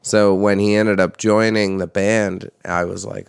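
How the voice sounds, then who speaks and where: A young man with a low, gravelly yet smooth voice, talking loosely and animatedly about music and swearing casually. The sound is dry and close with no room echo. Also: a little slow. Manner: animated, swears casually, pitch jumps when quoting himself. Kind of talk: casual chat.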